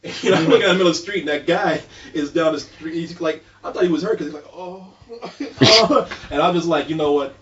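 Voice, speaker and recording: A man telling a story in casual chat, animated and laughing as he goes, swearing freely. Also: fairly high pitch, racing. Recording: roomy, distant, muffled.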